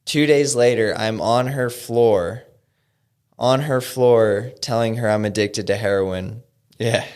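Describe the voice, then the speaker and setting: Young man from Utah, low-pitched storyteller. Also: a little mellow. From Utah, USA. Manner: halting, lots of "you know" and "um", restarts. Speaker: guest, person in recovery. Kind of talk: personal storytelling in an interview.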